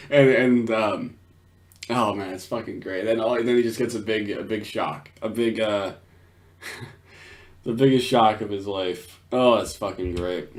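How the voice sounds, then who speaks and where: A man's voice: on the low side, measured pace. A man giving casual reaction commentary on a video, swearing freely, laughing often and restarting his sentences.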